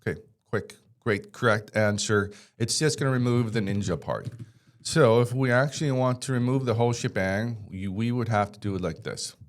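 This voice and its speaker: A man's voice: medium pitch, moderate pace. A man teaching a casual screen-share tutorial, chatty and joking, with rambling asides. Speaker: tech instructor.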